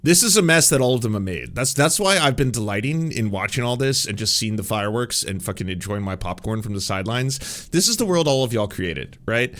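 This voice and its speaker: A man's voice: mid-range voice, animated, brisk, hardly any pauses, a bit bright. A man hosting a podcast, giving sarcastic, rambling political commentary with frequent swearing. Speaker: podcast host.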